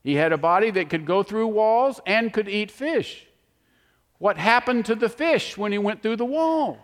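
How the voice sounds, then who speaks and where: Guy preaching, kinda high voice, big echoey hall, gets loud then goes quiet. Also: moderate pace. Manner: animated, storytelling, swings from emphatic to hushed. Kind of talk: sermon. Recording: long hall reverb.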